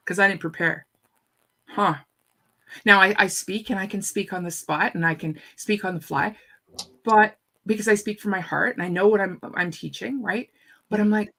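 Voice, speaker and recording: Chatty woman with a gravelly edge. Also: medium pitch, normal speed. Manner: animated, repeats words when starting sentences. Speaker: guest speaker. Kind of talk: storytelling in a casual chat.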